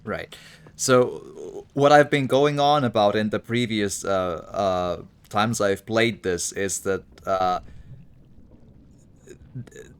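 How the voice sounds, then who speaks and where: A man's voice: on the low side, takes it slowly, pauses often, clear, resonant tone. A man commenting casually while playing a game, rambling and stammering through a rant. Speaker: gaming streamer. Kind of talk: casual let's-play commentary.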